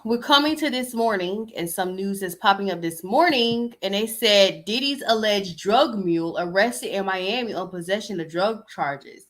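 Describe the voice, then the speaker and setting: A woman's voice: mid-range voice, a bit bright. A young woman hosting a podcast, reading celebrity news and riffing on it in a sassy, chatty way. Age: young adult. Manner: chatty, sassy, reads news aloud and riffs on it. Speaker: podcast host. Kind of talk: casual gossip commentary.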